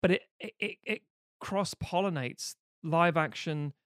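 A man's voice: fairly high pitch, measured pace, a bit bright, no room sound, clean studio sound. Rambling, profane man in his late 30s. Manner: rambling and profane, with self-deprecating jokes. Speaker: podcast co-host. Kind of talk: casual chat.

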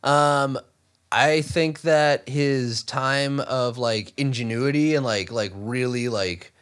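A man's voice: medium pitch, takes it slowly, fairly bright tone. A young adult man co-hosting a casual podcast, rambling and self-deprecating as he walks through his research. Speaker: podcast co-host presenting research.

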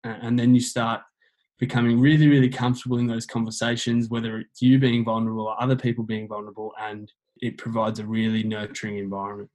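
A man's voice: mid-range voice, flat delivery, quick pace, darkish tone, poor audio. A man, speaking earnestly as a guest about men opening up, often repeating phrases as he explains. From Australia. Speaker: guest on men's mental health. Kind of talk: casual conversational interview.

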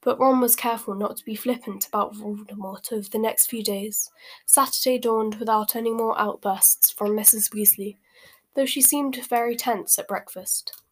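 A woman narrating a story aloud, voicing the characters with lively expression. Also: mid-range voice, normal speed. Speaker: audiobook reader. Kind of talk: scripted narration with character voices.

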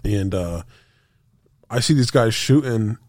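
Animated storytelling podcast man. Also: fairly low pitch, slow pace, no echo, studio quality. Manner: animated, profane, acts out quotes with sound effects. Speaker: podcast co-host. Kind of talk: casual storytelling chat.

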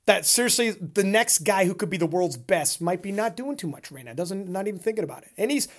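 A man co-hosting a casual podcast, talking in a rambling, animated way and laughing often. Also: high-pitched, a little fast. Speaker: podcast co-host.

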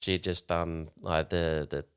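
A man's voice: low-pitched, steady tone, unhurried, smooth. A man hosting a podcast, telling a story casually, rambling along with frequent restarts. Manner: rambling, with frequent restarts while retelling a tale.

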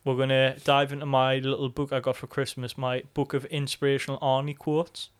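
A man co-hosting a podcast in casual chat, animated, swearing freely and laughing often. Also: medium pitch, brisk, clear, resonant tone. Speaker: podcast co-host.

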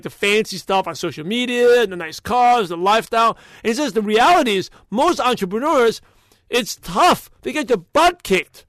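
A man hosting a solo podcast, talking in an energetic, emphatic, motivational way that rambles and often restarts sentences. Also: sits high, no echo, clean studio sound. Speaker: podcast host.

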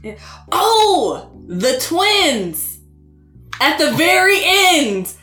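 A woman co-hosting a casual anime chat, animated and acting out scenes as she talks. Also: high-pitched, very slow. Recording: roomy echo, faint music.

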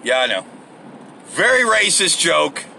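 A man with a bright, somewhat high voice and lots of gravel in it, rambling through a solo podcast from his car. He swears freely and pokes fun at himself. Faint traffic hum sits behind him. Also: sing-song, a little slow. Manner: profane and self-deprecating. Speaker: podcast host. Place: car, on the drive to work.

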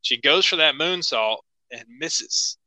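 A man talks through wrestling matches in a relaxed podcast chat, recapping the action move by move. His voice is bright and forceful, and its pitch swings widely. The sound is dry and close, with no room echo. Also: slow. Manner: chatty, laughs often, play-by-play recaps. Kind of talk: casual chat.

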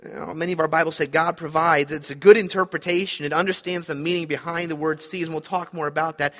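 A man's voice: a little high, steady tone, fast, fairly bright tone, big-room sound. A man preaching a sermon, earnest and emphatic, repeating his key points. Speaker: pastor.

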